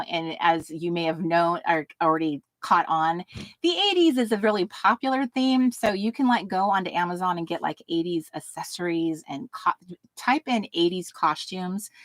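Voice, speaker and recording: A woman's voice: lowish voice, expressive, moderate pace, fairly bright tone, no echo. A woman hosting a casual live stream, bubbly and giggly as she greets viewers one by one by name.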